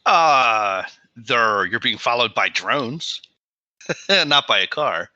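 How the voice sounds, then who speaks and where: A man running a tabletop game as game master, talking haltingly with frequent pauses. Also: medium pitch, expressive, pushed and bright, no room sound, highs cut off.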